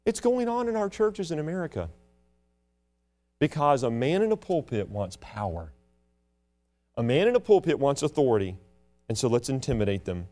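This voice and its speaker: A man preaching a sermon with passion, swinging between loud declarations and hushed asides. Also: sing-song, normal speed, pauses often, soft background music. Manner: mocks proud churchgoers in a sneering low voice.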